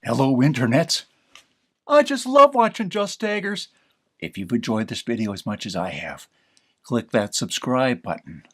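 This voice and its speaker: A man voicing an upbeat male YouTuber giving a channel sign-off, with swooping pitch and a cheery promo delivery. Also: big pitch swings, normal speed, fairly bright tone.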